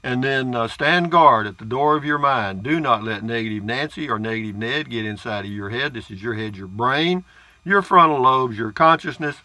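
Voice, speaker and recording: This older vlogger from Central Texas casually reads viewer comments on camera, rambling in a folksy way and chuckling at his own jokes. He speaks at a normal speed in a mid-range voice with a sharp tone.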